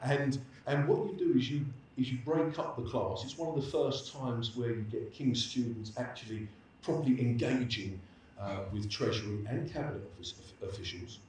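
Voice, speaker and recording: A man's voice: mid-range voice, normal speed, darkish tone, slight background noise. A man giving a lecture and answering questions in a chatty, anecdotal way, with many restarts. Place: lecture hall. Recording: echoey hall, distant mic.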